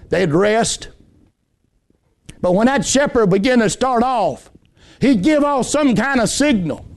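A male preacher delivering an impassioned sermon, telling folksy homespun stories and swinging between loud high emphasis and low hushed lines. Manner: folksy storytelling with homespun anecdotes.

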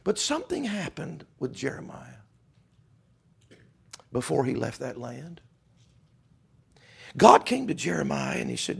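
Gravelly, husky preacher man. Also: medium pitch, very animated, a little slow, long pauses. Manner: fervent, builds to loud climaxes. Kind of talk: sermon.

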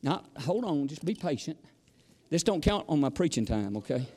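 A man's voice: a little high, big pitch swings, moderate pace, darkish tone, long reverb tail. A man preaching a sermon, folksy and storytelling, sometimes exclamatory and sometimes chatty. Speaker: visiting preacher.

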